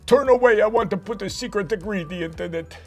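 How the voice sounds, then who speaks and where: Man putting on a high puppet boy voice, gravelly, chatty, excitable, children's puppet show, soft music behind. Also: brisk. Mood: excited storytelling. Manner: chatty storyteller, excitable exclamations. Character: cheerful young male puppet who loves cooking.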